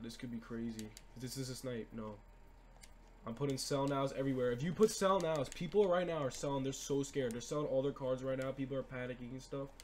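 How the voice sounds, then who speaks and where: A young man giving excited, slangy gameplay commentary as a gaming YouTuber, repeating himself often. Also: mid-range voice, slight background noise. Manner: hyped, repetitive, slangy.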